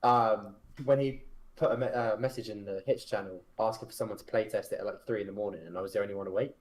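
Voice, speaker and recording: Young man, milton keynes accent, fairly low voice, casual rambling chat, lots of "like" and "um". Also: steady tone, quick pace, darkish tone, low-quality recording. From England. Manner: rambling, filler-heavy storytelling with light laughter. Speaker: game developer stream co-host. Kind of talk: casual chat on a dev stream.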